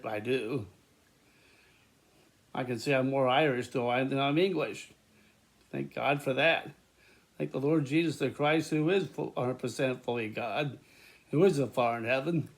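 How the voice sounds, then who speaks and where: A man talking in a rambling, casual monologue to his viewers, repeating words, restarting sentences and breaking into loud laughter. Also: mid-range voice, creaky. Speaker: vlogger.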